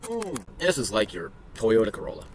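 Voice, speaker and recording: A man's voice: on the low side, wildly swooping pitch, moderate pace, a little hiss or hum. A man giving casual, crude and joking commentary while reviewing his trading charts, with profane rambling asides. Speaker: day trading vlogger. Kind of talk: casual screen-share commentary.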